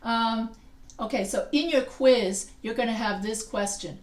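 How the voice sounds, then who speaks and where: Upbeat female teacher, higher voice, jokey and chatty, recorded in an echoey classroom. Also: measured pace. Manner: playful, chatty teacher asking the class questions. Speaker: writing instructor. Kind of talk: classroom grammar lecture.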